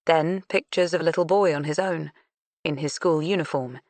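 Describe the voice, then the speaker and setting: A woman narrating an audiobook in a measured, unhurried reading. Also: deep voice, a little mellow, no room sound. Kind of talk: scripted narration.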